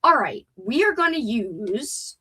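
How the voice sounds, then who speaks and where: A woman's voice: fairly high pitch, very animated, slow pace, sharp tone, husky. A young adult woman with a stuffed-up nose, hosting a chatty, wordy livestream and reading out chat comments. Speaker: livestream host.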